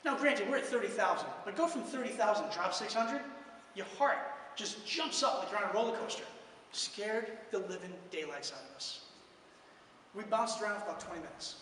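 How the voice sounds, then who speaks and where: A middle-aged man giving a conference talk to financial advisors as a lively, joking storyteller. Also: high-pitched, fairly quick, a little hiss or hum. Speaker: financial services conference speaker. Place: large conference hall. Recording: echoey hall, from far off.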